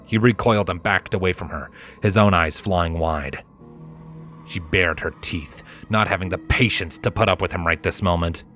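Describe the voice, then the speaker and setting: A man reading fan fiction aloud in a measured, dramatic narration. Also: deep voice, sharp tone. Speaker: fanfiction reader. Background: faint background music.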